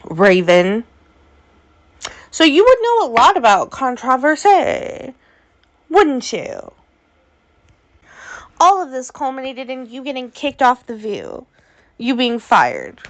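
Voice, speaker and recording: Woman vlogger ranting, sassy and fed up, talks slow, kinda high voice. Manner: sassy, exasperated, addresses her subject directly. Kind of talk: opinionated commentary vlog.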